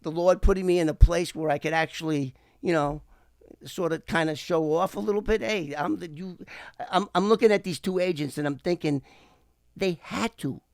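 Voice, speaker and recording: A middle-aged man with a gravelly, fairly high voice tells a story as an interview guest. He acts out the voices of the people in it with lots of energy. The sound is dry and close to the mic. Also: moderate pace, dry recording. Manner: animated, acts out quoted voices. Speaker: guest, former FBI informant. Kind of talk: casual storytelling.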